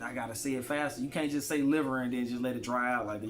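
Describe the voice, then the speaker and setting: A man's voice: mid-range voice, fairly even intonation, fast talker, hardly any pauses, a little hiss or hum. A man vlogging straight to his phone in loose, rambling slang, often repeating himself. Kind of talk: casual rambling monologue to camera.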